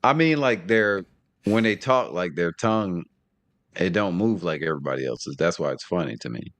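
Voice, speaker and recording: A man's voice: low-pitched, lively intonation, normal speed. A man co-hosting a casual sports podcast, bantering in a laid-back, slangy way. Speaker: podcast co-host.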